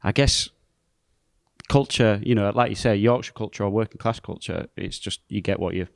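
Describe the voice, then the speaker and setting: A man's voice: lowish voice, normal speed, vocal fry, no echo. A man speaking as a pastor guest on a podcast, thoughtful and a little hesitant. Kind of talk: casual discussion.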